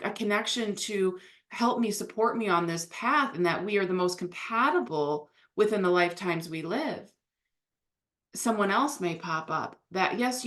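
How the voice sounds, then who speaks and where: A woman giving channeled spiritual advice, explaining patiently and acting out imagined speakers. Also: fairly high pitch.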